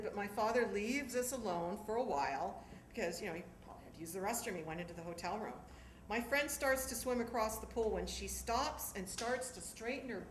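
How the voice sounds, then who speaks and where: Woman telling a memoir on a theatre stage. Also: mid-range voice. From Southern California. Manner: animated, acts out voices. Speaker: storyteller performer. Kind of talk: one-woman stage monologue. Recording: echoey theatre with background noise.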